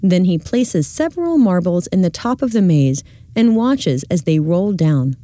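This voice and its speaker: A woman reading a scripted audio description of classroom video clips in a measured, clear way. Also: on the low side, expressive, dark tone, no room sound.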